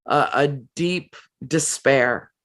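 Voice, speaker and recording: Woman guest, unhurried delivery, earnest and emotional, halting restarts, personal storytelling. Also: a bass voice, lively intonation, fairly bright tone.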